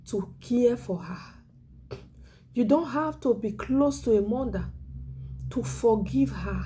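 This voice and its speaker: A woman evangelist with a fairly high pitch and dark tone delivers an exhortation sermon, emotional and near tears. She pleads earnestly, repeats her points, and drops to a whisper on key words.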